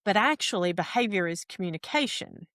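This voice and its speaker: A woman's voice: medium pitch, animated, brisk, fairly bright tone, no echo, clean studio sound. Earnest middle-aged woman explaining. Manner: earnest, explanatory, with frequent restarts and tag questions. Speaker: guest, entrepreneur. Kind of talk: podcast interview conversation.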